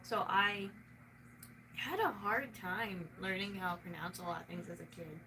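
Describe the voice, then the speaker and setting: A woman with a Southern US accent chats casually, rambling from one thought to the next and swearing often. Her voice sits a little back from the microphone, and steady background noise runs under it. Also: on the low side, moderate pace. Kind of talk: casual chat. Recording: noisy room, mic at a distance.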